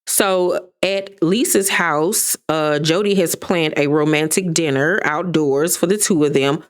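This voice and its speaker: A woman in her thirties with a low-pitched voice speaks a little slowly as she gives a casual recap of a reality show. She's sassy and gossipy, now and then doing animated impressions of the cast members.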